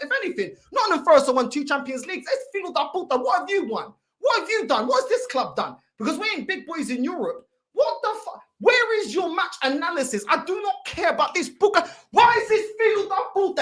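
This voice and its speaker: Shouting, high-pitched woman ranting. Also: sing-song, fast, hardly any pauses. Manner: shouting, exasperated, swearing, slangy. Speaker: fan channel host reacting to videos. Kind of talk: heated reaction rant.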